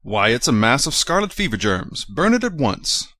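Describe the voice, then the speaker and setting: A man's voice: mid-range voice, very animated, normal speed, sharp tone, dry recording, clean studio sound, voice pushed up. A man voicing a stern adult male doctor who gives firm, brusque orders.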